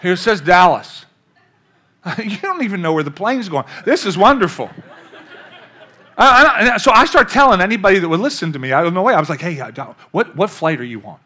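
Older man, pastor, high voice, bright and forceful, storytelling sermon, asks the congregation questions. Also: brisk. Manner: storytelling, animated, calls out to the congregation.

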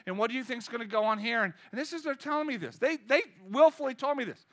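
A man in his fifties preaching a sermon with energy, swinging between loud exhortation and quiet storytelling. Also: extremely high pitch, fast. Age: 50s. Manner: energetic preaching, rising loud then dropping to soft storytelling. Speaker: pastor.

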